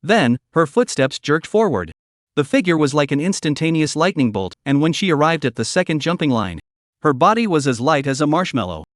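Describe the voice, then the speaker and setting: A man narrating a story recap in a steady reading voice with stiff, literal phrasing. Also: a little high, fairly quick, no echo, clean studio sound.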